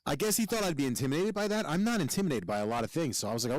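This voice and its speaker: A man's voice: medium pitch, expressive, very fast, hardly any pauses, dry recording. A man who works as a firefighter, co-hosting a casual chat and telling a story bluntly with lots of swearing and restarts. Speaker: podcast co-host.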